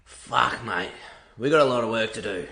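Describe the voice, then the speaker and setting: An actor playing a gruff, profane male mentor giving a blunt tough-love pep talk in a comedy clip, with a gravelly voice. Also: mid-range voice, normal speed, very noisy, natural voice. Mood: pushy. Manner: blunt, swearing, drill-sergeant pep talk.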